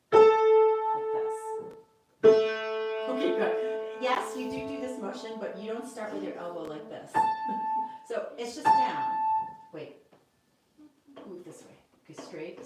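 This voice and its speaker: A woman's voice: fairly low pitch, very echoey, far from the mic, low-quality recording. A woman piano teacher giving a one-on-one lesson, patiently explaining step by step and checking that her student understands. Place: indoor room with a piano.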